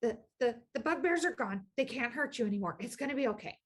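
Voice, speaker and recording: A woman voicing a frightened small male goblin who cries and stammers in a rapid rush. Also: a little high, animated, voice pushed up. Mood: soothing.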